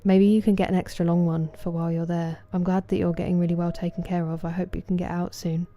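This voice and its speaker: Mellow-voiced woman streamer chatting. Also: fairly low pitch, little pitch movement, fast talker. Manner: chatty, greets chat by name. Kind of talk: casual chat with viewers while gaming. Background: game music.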